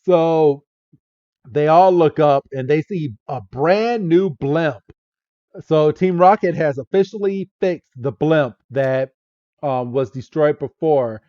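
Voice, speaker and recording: Slow, laughing podcast guy, higher voice. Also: dark tone, no room sound, muffled recording. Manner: retells scenes, acting out characters' lines and laughing often. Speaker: podcast co-host. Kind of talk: casual episode recap.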